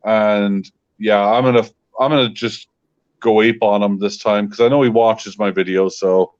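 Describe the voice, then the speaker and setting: A man's voice: on the low side, fairly even intonation, normal speed, a little mellow, lo-fi sound. A man, a guest in a casual chat, venting his frustration with lots of fillers. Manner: frustrated ranting with many fillers.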